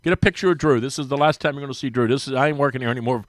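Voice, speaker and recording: A man, a regular guest on a sports radio show, telling a long animated story and acting out the voices of the people in it. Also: rapid-fire, no room sound, studio quality. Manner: lively storyteller, acts out quoted voices with big pitch jumps. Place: radio studio. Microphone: studio microphone.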